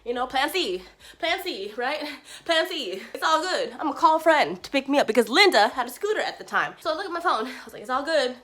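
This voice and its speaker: A woman vlogger telling a travel story in a casual, animated way, laughing often and acting out the people she quotes. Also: high-pitched, quick pace.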